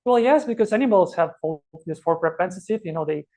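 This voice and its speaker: Guy with a high voice teaching a scripture class, tells stories, lots of uhs. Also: fast, darkish tone. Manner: storytelling, many fillers and restarts.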